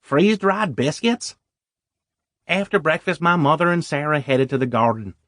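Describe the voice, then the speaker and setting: Wry male audiobook narrator, slightly high. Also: moderate pace, fairly bright tone, no room sound, clean studio sound. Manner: wry, self-deprecating. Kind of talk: first-person audiobook narration.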